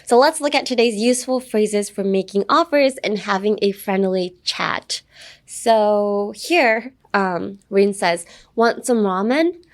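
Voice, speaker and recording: A young woman talks through English phrases in a loose, chatty lesson, full of fillers and playful asides. She drifts between English and Japanese as she explains. Her pitch sits in the middle for a woman's voice. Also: a little slow. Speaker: English teacher host. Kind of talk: casual language lesson.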